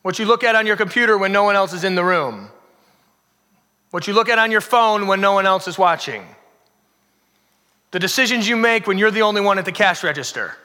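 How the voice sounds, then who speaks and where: A man preaching a sermon, swinging from loud emphasis down to hushed, near-whispered passages. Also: sits high, lively intonation, fairly quick, pauses often, in a large hall. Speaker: pastor.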